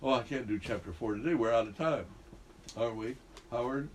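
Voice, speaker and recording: A man's voice: medium pitch, brisk, slight background noise. A man leading a group Bible study, talking conversationally and quizzing the group with questions.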